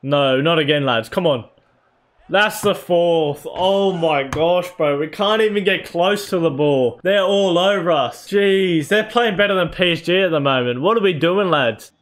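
Excitable young man commentating his own gameplay. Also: on the high side, measured pace. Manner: excitable, swears, shouts at his team. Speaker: gaming YouTuber.

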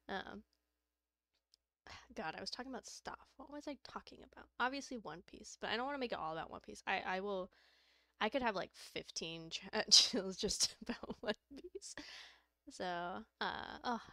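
A young woman chatting on her stream in a rambling, excitable way, breaking into laughter and swearing casually. Her voice sits at an ordinary middle pitch. She speaks close to a desk mic in a dry, deadened room. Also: moderate pace, no room sound.

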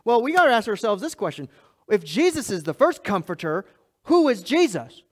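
A man preaching a sermon as pastor of a church, emphatic and repetitive, swinging between loud and hushed lines and speaking straight to the congregation. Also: sits high, sing-song, moderate pace. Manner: laughs at himself, talks to the congregation directly.

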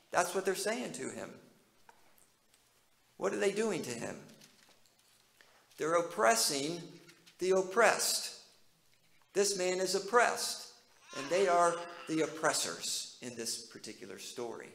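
A man's voice: high voice, very animated, slow, creaky, long pauses, a bit bright. Casual: guy preaching a sermon, chatty, keeps asking questions, sounds a bit roomy. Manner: conversational, asks the listeners many questions. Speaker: pastor.

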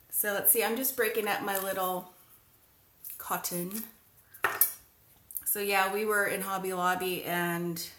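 A woman's voice: medium pitch, fairly bright tone, a little hiss or hum. A woman hosting a casual live craft stream from home, chatting along and greeting viewers by name as she works. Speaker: craft livestream host. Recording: echoey room.

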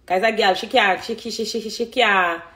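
On a phone live stream, a Jamaican dancehall artist in her thirties keeps things casual, reading comments and laughing often. Her mid-range voice is a bit bright, with fairly even intonation and a normal speed.

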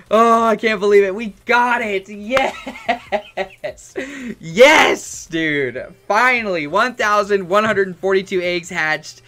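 Young guy streamer losing it, screaming yes over and over, hoarse, bright high voice. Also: slow. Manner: ecstatic shouting, cursing, repeated yells of yes. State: hoarse from yelling. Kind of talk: live-stream game reaction.

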